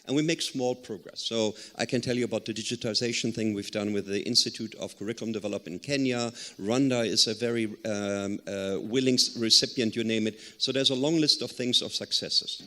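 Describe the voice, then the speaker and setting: A man's voice: fairly low pitch, fairly quick, hardly any pauses, bright, forceful tone. A man answering as a panelist, telling a story earnestly with some hesitant fillers. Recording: long hall reverb.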